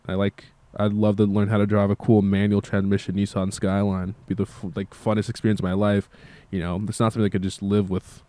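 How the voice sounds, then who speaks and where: A man's voice: on the low side, mellow, clear, resonant tone, no room sound. A tired young man who makes music, talking in a meandering casual monologue and swearing freely. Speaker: musician vlogger.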